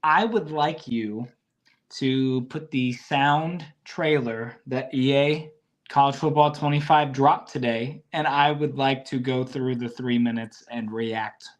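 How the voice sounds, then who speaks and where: A man co-hosting a casual sports podcast, excitable and reacting out loud as he talks. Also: mid-range voice, takes it slowly. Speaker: podcast co-host.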